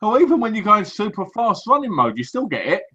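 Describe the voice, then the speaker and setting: A man with a bright, slightly high voice, chatting loosely about video games and swearing as he goes. He slips into quick mock voices to act out what other players say. The recording is dull and lo-fi. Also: huge pitch swings, breathy edge. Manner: swears freely, acts out mock quotes. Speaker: podcast co-host. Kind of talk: casual gaming chat. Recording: dull lo-fi audio.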